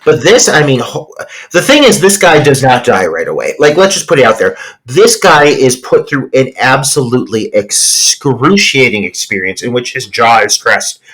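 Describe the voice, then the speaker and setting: A man co-hosting a casual film podcast, recapping scenes in an excited, emphatic way. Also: medium pitch, moderate pace, low-quality recording. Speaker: podcast co-host.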